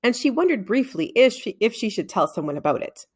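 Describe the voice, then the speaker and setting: Expressive woman storyteller for a children's novel read-aloud, with a lively pitch. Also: fairly quick, slightly rough. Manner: expressive, with shifts into character voices. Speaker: reader.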